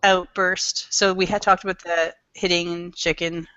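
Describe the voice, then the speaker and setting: A young woman in a casual book club discussion, animated and playful. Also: on the low side, measured pace, clean tone, no echo. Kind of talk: casual chat. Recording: dry, dull lo-fi sound.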